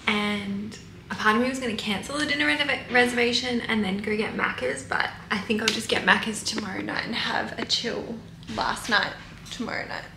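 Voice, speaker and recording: An Australian woman from Melbourne chats candidly in a casual travel vlog shot on a handheld camera, swearing now and then. Her voice is fairly high, fairly quick and creaky, with reverb and a noisy background as she moves between a hotel room and outdoor streets.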